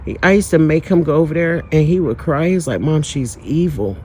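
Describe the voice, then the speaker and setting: A woman's voice: low-pitched, fast, darkish tone, a little hiss or hum, rough recording. A woman talking straight to her viewers in a candid, emotional personal vlog, moving into an uplifting, preacherly tone. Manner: candid, emotional storytelling, talks directly to viewers; preacherly, uplifting toward the end. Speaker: vlogger.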